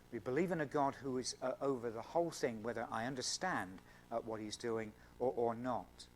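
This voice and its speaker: There is a faint hiss or hum as a mid-range-voiced male scientist lectures earnestly at a university event. It's an evening talk to a student Christian group, where he uses everyday examples and leans on key words.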